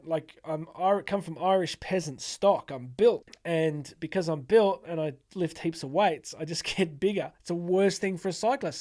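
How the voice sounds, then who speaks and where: A middle-aged man delivers an energetic motivational talk straight to camera. His voice sits a little high for a man, and he slips into quick acted-out voices of doubting people. He often repeats words as he restarts his sentences. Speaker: motivational speaker.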